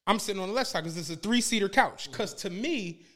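A man's voice: high-pitched, a little fast. A man co-hosting a podcast, telling a story in casual chat and acting out the quotes. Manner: animated storyteller, acts out quotes. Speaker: podcast co-host.

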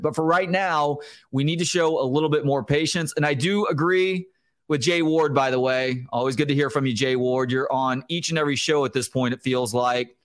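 A man's voice: on the high side, fairly bright tone, no room sound, clean studio sound. A man co-hosting a sports podcast, chatting and telling stories in casual talk. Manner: chatty, storytelling.

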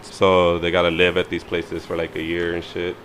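A man's voice: sits low, completely flat delivery, normal speed, a bit bright, a little hiss or hum, rough recording. A laid-back young man chatting casually in slang. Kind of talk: casual chat.

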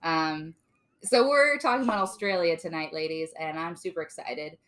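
A woman's voice: sits low, normal speed, fairly bright tone. Playful woman hosting a podcast. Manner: playful, jokey, laughs often. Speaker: podcast host. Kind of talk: casual chat.

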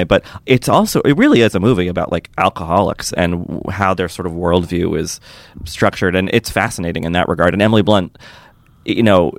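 Male podcast co-host, lower register, dry studio sound, chatty and excitable. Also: no echo. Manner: chatty, enthusiastic, many fillers and restarts. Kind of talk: casual film chat.

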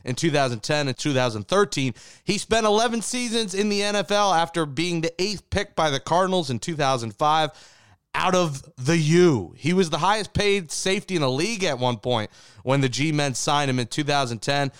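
A man's voice: a little high, brisk, a bit bright, clean tone, no room sound, studio quality. A man hosting a sports podcast, steering the talk with wry jokes. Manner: wry, joking. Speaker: podcast host.

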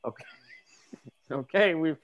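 An improv comedian playing flustered, panicky characters in a comedy scene, voice climbing into shouts. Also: mid-range voice, measured pace.

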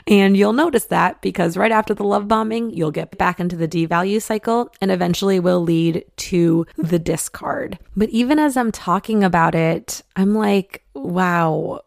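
A woman's voice: lowish voice, creaky, darkish tone, no room sound, studio quality. A woman casually explaining a topic, acting out quoted voices with emphasis. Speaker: speaker explaining narcissistic abuse.

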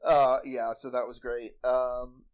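A man's voice: medium pitch, level tone, takes it slowly. A young adult man co-hosting a podcast, chatting casually with frequent laughs, fillers and restarts. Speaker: podcast co-host. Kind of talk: casual chat recapping a TV baking show.

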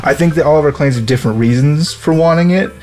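Over faint background music, a man with a fairly high, slightly mellow voice speaks quickly as he runs a laid-back tabletop role-play game. Reading the rules and describing characters, he rambles, laughs often, and fills his speech with fillers.

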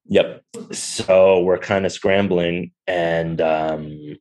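A man's voice: low voice, steady tone, extremely slow, a little mellow, rough recording. A young man, a podcast guest and restaurant owner, telling a personal story candidly with lots of fillers. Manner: candid, rambling, many fillers. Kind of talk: conversational storytelling.

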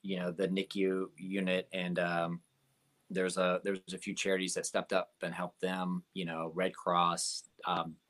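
A man's voice: deep voice, monotone, unhurried, a bit bright. A young comedian telling stories from his shows in a casual interview, rambling with lots of "like" and fillers. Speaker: comedian guest.

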